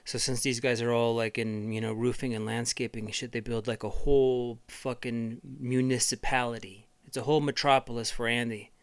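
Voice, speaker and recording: A man hosting a podcast, telling a rambling, profane comedic monologue with lots of halting fillers. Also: medium pitch, fairly even intonation, clear, resonant tone. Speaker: podcast host.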